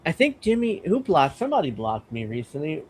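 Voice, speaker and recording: A man's voice: on the high side, wildly swooping pitch, fairly quick, slight background noise. A man co-hosting a casual political chat show, chatty and wry with some hesitation. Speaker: co-host.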